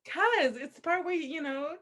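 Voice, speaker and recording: A young adult woman in relaxed conversation with a friend. She tells stories with energy, laughing often and acting out what people said. Her voice jumps up for punchlines and drops low for confessions. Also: measured pace. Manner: animated storytelling, laughs often, acts out quotes. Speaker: podcast co-host. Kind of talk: casual chat.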